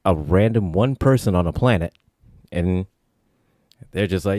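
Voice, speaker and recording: A man co-hosting a podcast, recapping casually in animated slang. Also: deep voice, slow, pauses often, no echo, studio quality. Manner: animated, slangy, lots of fillers. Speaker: podcast co-host. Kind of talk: casual chat recapping an episode.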